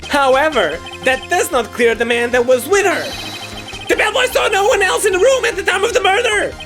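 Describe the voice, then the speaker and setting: A woman reading an earnest young male defense attorney in a video game, lowering her voice. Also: lively intonation, normal speed, fairly bright tone. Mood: forceful. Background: game music.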